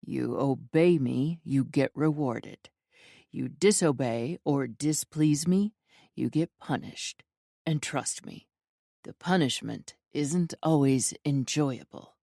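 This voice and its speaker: A woman voicing a smooth, menacing Bratva boss. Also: extremely low pitch, slow pace, dark tone, no echo, studio quality, voice pushed down, exaggerated voice. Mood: commanding. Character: smug, controlling male Bratva boss.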